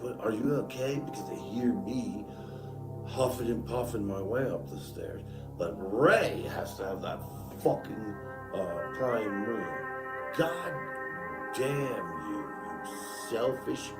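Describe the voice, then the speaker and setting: A man ranting at length to someone who is not there, cursing and calling him selfish, swinging between loud outbursts and muttering. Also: medium pitch, roomy sound, poor audio. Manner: angry, profane, addresses absent man directly. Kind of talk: ranting monologue.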